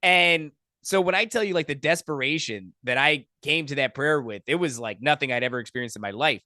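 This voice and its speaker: Bright-voiced man telling a wild story. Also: on the high side, brisk, no room sound, clean studio sound. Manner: profane, animated storytelling. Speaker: podcast guest. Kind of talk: casual storytelling.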